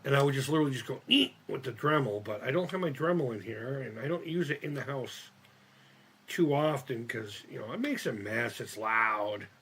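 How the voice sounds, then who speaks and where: A man's voice: mid-range voice, animated, normal speed, fairly bright tone, slight background noise. A man live-streaming as he builds a model kit, rambling and thinking aloud, swearing often and laughing at himself. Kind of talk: casual live-stream chat while crafting.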